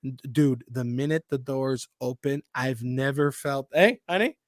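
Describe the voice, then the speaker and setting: A Canadian man, an animated storyteller who acts out voices and swears in casual chat. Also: mid-range voice, a little slow, no echo, clean studio sound.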